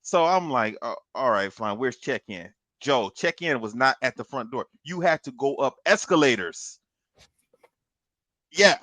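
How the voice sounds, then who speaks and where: A man on a podcast telling a long story in a casual, animated way, swearing and laughing as he goes. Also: medium pitch, a little slow, no echo. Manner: animated, profane, laughs through his story. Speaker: podcast co-host.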